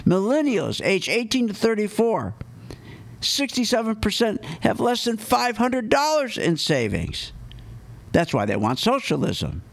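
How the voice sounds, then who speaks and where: Man, radio host, opinionated monologue, rhetorical questions, bright high voice. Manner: emphatic, repeats key points, rhetorical questions.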